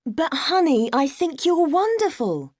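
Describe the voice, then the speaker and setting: A girlfriend soothing her jealous guy, high voice swooping all over, slow. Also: big pitch swings, darkish tone, dry recording, clean studio sound. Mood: coaxing. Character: reassuring adult girlfriend, exasperated. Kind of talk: scripted textbook dialogue.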